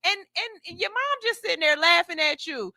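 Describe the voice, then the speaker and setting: A woman hosting a radio show, joking and telling stories in animated, slangy casual chat. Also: extremely high pitch, moderate pace, no echo.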